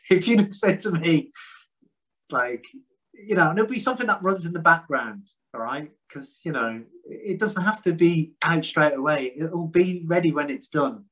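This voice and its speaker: A man's voice: on the high side, a bit bright, husky, rough recording. A man, talking frankly and at length as a podcast guest, rambling and self-deprecating. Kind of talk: casual conversation.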